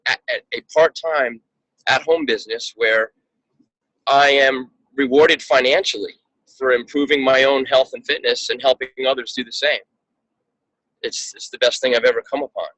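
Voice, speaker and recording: A man's voice: mid-range voice, moderate pace, fairly bright tone, no echo, low-quality recording. A man coaching a team member over a call, talking earnestly and often repeating words as he restarts his sentences.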